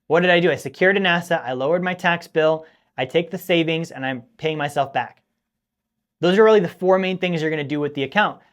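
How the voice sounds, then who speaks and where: A man's voice: a little high, fairly quick. Emphatic man lecturing on money. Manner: emphatic, scolding, repeats points for stress. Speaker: finance show host. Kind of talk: direct-to-camera teaching monologue.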